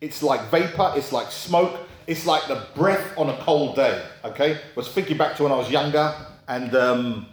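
A man preaching a sermon in a chatty, storytelling manner, asking his listeners rhetorical questions. His voice sits in the middle range for a man and carries a noticeable room echo. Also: normal speed. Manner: acts out quoted voices in a high pitch.

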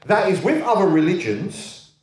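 A man's voice: high voice, big pitch swings, moderate pace, a little mellow, reverberant. A man preaching a sermon, repeating key phrases for emphasis and putting rhetorical questions to the congregation.

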